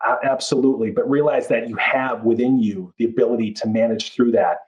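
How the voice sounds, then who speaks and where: A man's voice: medium pitch, steady tone, fairly quick, hardly any pauses, darkish tone, rough recording. Earnest man, life coach on a podcast. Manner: earnest, reflective, repeats and restarts phrases. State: moved, near tears. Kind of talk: podcast interview.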